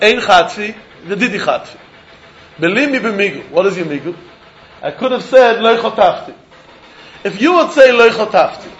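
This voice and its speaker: This Talmud teacher, a man with an unusually high voice, argues his points in a lively, sing-song study cadence and often laughs as he goes. The recording is muffled, with a faint hiss of noise underneath.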